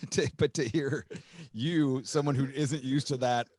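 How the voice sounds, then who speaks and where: A man hosting a podcast, a touring musician, chatting casually with quick asides and easy swearing. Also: medium pitch, fairly even intonation, a little mellow, no echo. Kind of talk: casual chat.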